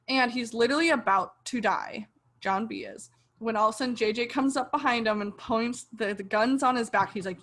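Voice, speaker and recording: A young woman with a slightly high voice chats casually as a podcast co-host. She recaps a TV episode with animated storytelling, peppering it with "like" and mock outbursts. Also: brisk. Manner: animated storytelling, acting out reactions with filler "like". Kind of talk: casual chat reviewing a TV show.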